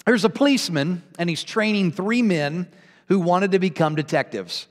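High-voiced preacher in a reverberant hall. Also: male voice, expressive, normal speed. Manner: jokey storytelling, chuckling at his own jokes. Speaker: pastor. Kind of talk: sermon.

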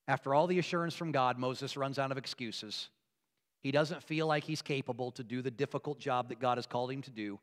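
A man preaching a sermon as a pastor, earnest, moving between emphatic, rising passages and quiet, hushed ones. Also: mid-range voice, brisk. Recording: long reverb of a large hall.

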